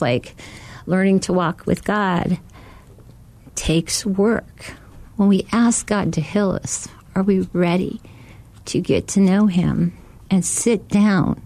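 A woman's voice: fairly low pitch, dark tone. A woman who co-hosts a ministry show and leads women's groups, giving an earnest devotional talk. She repeats phrases for emphasis and asks many rhetorical questions.

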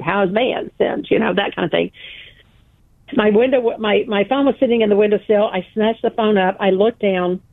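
A woman with a medium-pitched voice tells a personal story as a guest author in an interview conducted by phone. She's earnest and emphatic, repeating phrases to add weight. The recording comes through a tinny, dry phone line.

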